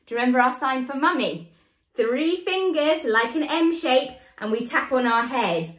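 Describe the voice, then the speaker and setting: A woman leading a children's sign language lesson, in an animated, sing-song, encouraging way. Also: high-pitched, normal speed, roomy sound. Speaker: baby sign language teacher.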